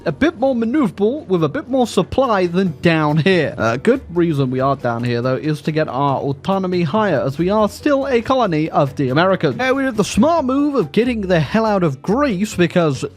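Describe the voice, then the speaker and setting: A man's voice: sits high, very animated, a little fast, hardly any pauses. A man giving casual, joking commentary over his own strategy game, full of fillers and dry asides. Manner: wry, joking, lots of fillers. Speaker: gaming YouTuber. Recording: faint background music.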